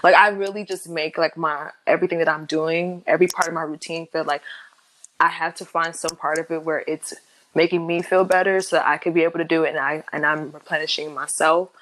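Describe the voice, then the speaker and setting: A young woman guest speaking candidly in an interview, halting with many fillers and restarts, lively when she quotes others. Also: sits low, low-quality recording.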